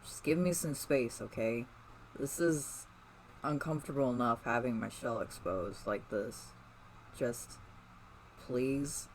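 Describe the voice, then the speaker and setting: A man voicing a moody, defensive young male mutant turtle in a read-aloud fan story, in a flat, grumbling way. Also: mid-range voice, unhurried, a little hiss or hum, natural voice, rough recording. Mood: sorry.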